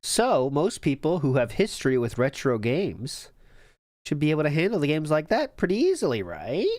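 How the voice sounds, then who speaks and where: Sarcastic male streamer, lively pitch. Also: moderate pace, no room sound, studio quality. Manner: sarcastic, deadpan asides, laughs often. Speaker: streamer reacting to clips. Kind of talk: casual sarcastic commentary.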